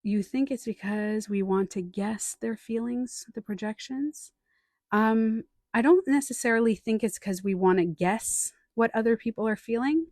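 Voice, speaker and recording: A woman who is a life coach and author speaks on a live stream, answering the chat and telling chatty, animated stories with acted-out quotes. Her voice is fairly high and at normal speed, recorded with studio quality and no room sound.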